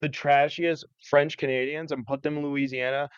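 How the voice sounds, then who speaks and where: Rowdy, profane podcast co-host. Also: male voice, a little high, level tone, normal speed, clean tone, no room sound, muffled recording. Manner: loud, rowdy and profane, jumping between jokes. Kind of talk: casual comedy podcast banter.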